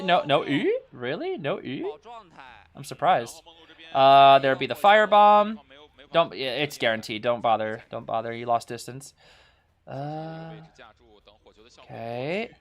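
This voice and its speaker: A man casually co-watching an esports final, reacting excitedly and often saying "bro". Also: mid-range voice, takes it slowly, long pauses. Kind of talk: casual live watch-along commentary.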